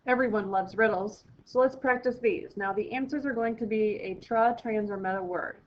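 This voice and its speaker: A woman teaching a recorded vocabulary lesson to students, explaining each word clearly and step by step. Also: mid-range voice, moderate pace, muffled recording.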